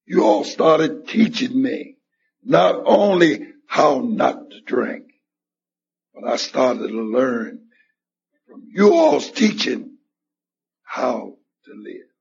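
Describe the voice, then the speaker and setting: At a recovery meeting held in a hall, a man tells his own story and acts out the words others said to him, captured on a dull lo-fi tape. His voice sits in the mid range, darkish and husky with some creak, swinging hugely in pitch as he draws out words and pauses often.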